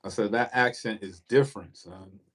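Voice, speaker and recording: Male co-host, lower voice, blunt slangy talk that trails off. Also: normal speed, a bit bright. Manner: blunt, slangy, drops to a mumble at phrase ends. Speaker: podcast co-host. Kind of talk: casual chat.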